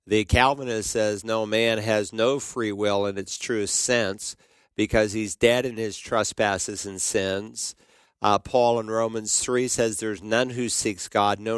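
A man teaching the Bible on a call-in radio show, answering a caller in a measured, explanatory way and quoting scripture. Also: lowish voice, clean tone, dry recording.

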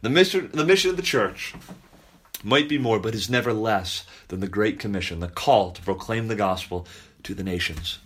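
A man, a pastor, preaching a sermon to his congregation, repeating key phrases slowly for emphasis and stopping to speak directly to the children. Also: on the low side, fairly bright tone, breathy edge.

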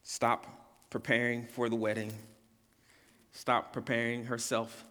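A man's voice: monotone, measured pace, pushed and bright. Preaching man in a reverberant hall. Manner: earnest preaching, repeats key words for emphasis; builds in pitch and volume on climaxes. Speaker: pastor. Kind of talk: sermon.

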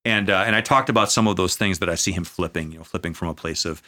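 Earnest low-voiced man talking faith, bright tone. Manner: earnest, many fillers, slows down to a preaching cadence. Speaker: pastor. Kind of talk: conversational podcast talk on faith.

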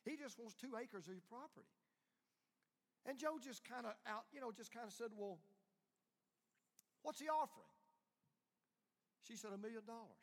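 A man's voice: very high voice, brisk, a bit bright. A man, preaching a sermon by telling a long story and acting out the dialogue of its people. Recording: long hall reverb.

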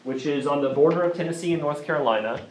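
A man's voice: fairly high pitch, fast talker, a little hiss or hum. Southern man lecturing in an echoey room. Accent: Southern US, Appalachian Virginia. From Grayson County, Virginia, USA. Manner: energetic, asks the audience questions often. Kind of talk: classroom lecture with audience questions. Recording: echoey room, mic from a distance.

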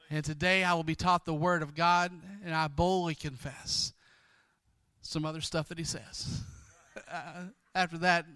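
A man pastoring a congregation, exhorting quickly and praying with many repeated words. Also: fairly high pitch, steady tone, pushed and bright, clean tone, dry recording. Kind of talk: sermon and closing prayer.

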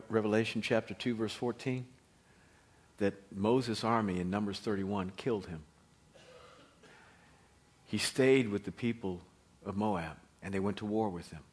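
A man preaching a sermon and telling a Bible story in an animated manner, swinging between loud and hushed. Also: lowish voice, breathy edge.

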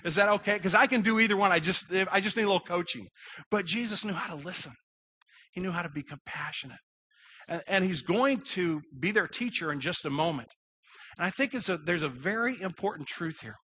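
Middle-aged male pastor, high-pitched bright voice, relaxed conversational sermon delivery with self-deprecating stories. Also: a little fast, slightly rough.

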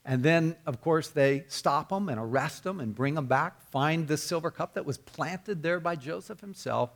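A man's voice: on the high side, animated, moderate pace. A man preaching a sermon, telling the story earnestly and often repeating or restarting his words. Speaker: pastor.

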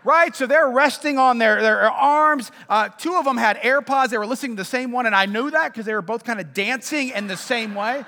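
A man preaching a sermon as pastor, animated in how he tells stories. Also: very high voice, brisk, few pauses, in a large hall.

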